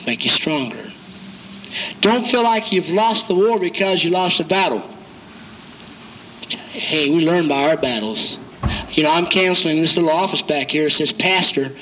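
A man's voice: a little high, lively intonation, moderate pace, pauses often, pushed and bright, slight background noise, rough recording. An older man, a pastor, preaching a folksy sermon, cracking jokes and acting out quotes from his flock. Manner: folksy, jokey preaching with acted-out quotes and chuckles.

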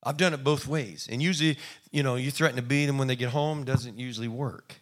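A man's voice: medium pitch, steady tone, brisk. A man preaching a sermon in a conversational, folksy way, acting out little quoted exchanges. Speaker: pastor.

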